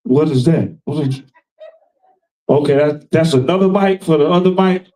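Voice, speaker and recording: A man's voice: fairly high pitch, moderate pace, poor audio. A man performing live on stage as a soul singer, hyping the crowd with call-outs before singing. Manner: energetic crowd hype with frequent "hey" and "y'all". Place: live event hall.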